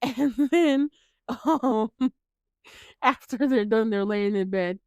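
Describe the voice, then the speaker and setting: A woman's voice: fairly high pitch, slow pace, darkish tone, clean tone, dry recording, studio quality. A woman hosting a casual movie recap, chatty, laughing often and swearing freely as she retells scenes. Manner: chatty, laughs often, acts out the characters' lines. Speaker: podcast host recapping a movie. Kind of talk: casual chat.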